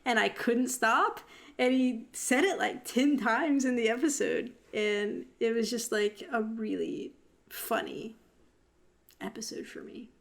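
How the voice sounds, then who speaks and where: A woman's voice: fairly high pitch, slow pace. Giggly, chatty woman podcast host. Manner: chatty, giggly, rambling with fillers. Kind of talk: casual chat.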